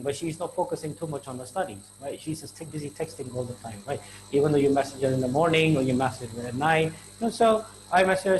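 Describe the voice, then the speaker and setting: A man's voice: on the high side, slight background noise, rough recording. A man with an Indian English accent teaching slang in a chatty, informal lesson, full of fillers and acted-out little dialogues.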